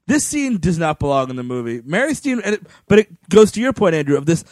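Excitable high-voiced man who laughs a lot. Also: quick pace, no echo. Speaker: podcast co-host. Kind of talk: casual film discussion.

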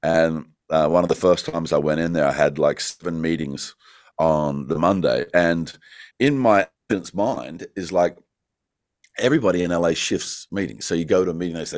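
A man's voice: low voice, moderate pace, no room sound, clean studio sound. A middle-aged man with an Australian accent, a guest in a casual interview, rambling through his stories with lots of "you know" and laughs along the way. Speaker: actor guest.

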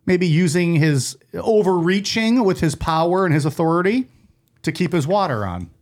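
Man, podcast co-host, casual chat, wry, conversational, higher voice. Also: lively intonation, moderate pace. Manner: wry, uses filler "like" often.

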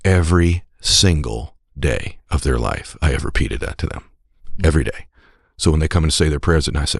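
A man telling an emotional personal story on a played clip, intense at times and dropping to soft, whispered tenderness. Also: very deep voice, a little fast, dry recording, clean studio sound. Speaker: guest speaker on a played clip.

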